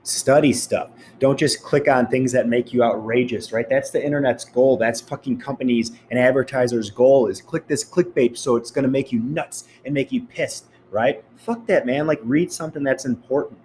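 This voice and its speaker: A man's voice: medium pitch, moderate pace, few pauses, darkish tone, a little hiss or hum. A man giving a blunt, profane motivational rant, speaking straight to his listeners.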